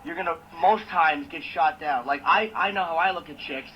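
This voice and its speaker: A man's voice: fairly high pitch, normal speed, slight background noise. A man co-hosting a radio show who states his views bluntly and matter-of-factly. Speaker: radio co-host. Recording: muffled lo-fi radio audio.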